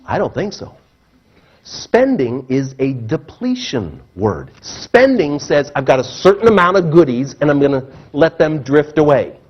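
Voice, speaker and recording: A man giving a seminar talk to a live audience, animated and acting out the voices he quotes. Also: a little slow, slightly rough. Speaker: motivational speaker. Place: seminar room. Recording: muffled low-fidelity recording.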